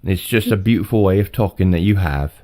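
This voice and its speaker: A man hosting a casual livestream chat, teasing in a dry, wry, drawn-out way. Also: low-pitched, mellow. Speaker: livestream host.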